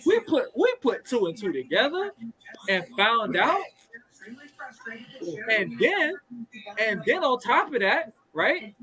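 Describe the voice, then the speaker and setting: A man's voice: very high voice, very animated, slow, long pauses, sharp tone, rough recording. A man in his thirties telling a story in casual, profane chat as a podcast co-host. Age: 30s.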